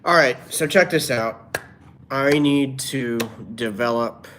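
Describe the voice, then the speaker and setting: A man's voice: medium pitch, slow, fairly bright tone, slight background noise. A man livestreaming, reading viewers' comments aloud and answering them in a rambling, offhand way. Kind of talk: casual livestream chat.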